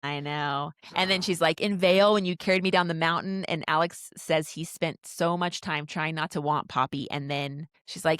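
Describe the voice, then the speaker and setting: A woman's voice: low voice, moderate pace, hardly any pauses, no echo, studio quality. Giggly woman recapping a romance novel. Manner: giggly, animated retelling with quoted dialogue. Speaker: book podcast co-host.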